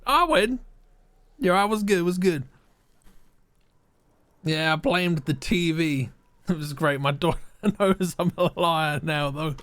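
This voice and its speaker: A playful man streaming a game, reading choices aloud and joking with viewers. His voice is smooth and slightly high, recorded close and dry. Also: takes it slowly, pauses often, a bit bright, dry recording. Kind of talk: live game playthrough, reading aloud and chatting.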